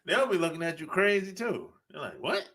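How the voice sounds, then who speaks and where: Animated, bright-voiced male podcast host. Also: on the high side. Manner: blunt, laughing often, drawn-out emphatic phrasing. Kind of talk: casual monologue.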